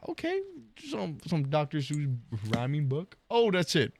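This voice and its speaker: Excitable gamer man with a lively voice. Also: unhurried. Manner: excitable, laughing, coos at the baby in a high voice. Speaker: gaming YouTuber. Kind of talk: casual let's-play commentary.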